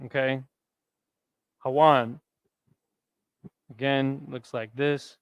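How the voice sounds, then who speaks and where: A man's voice: medium pitch, flat delivery, very slow, clean tone, dry recording. Man teaching a casual language class. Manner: casual, conversational, asks the class questions. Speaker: Hebrew teacher. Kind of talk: classroom lesson.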